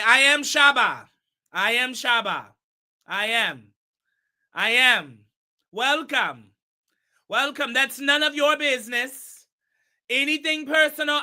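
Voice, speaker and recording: Woman doing a comic guest character, put-on foreign accent, high, slow, repeats blessings, dodges questions. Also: bright, forceful tone, heavily acted. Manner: repeats fixed blessing phrases, refuses personal questions. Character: brash self-proclaimed Pakistani woman guest, proud and evasive. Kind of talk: comedic character sketch.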